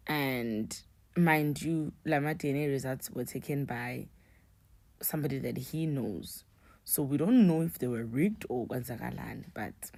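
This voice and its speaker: Low, gravelly woman. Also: unhurried, no echo. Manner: hushed, often half-whispered delivery; mixes English with Nguni words. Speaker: storyteller vlogger. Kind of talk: personal storytime.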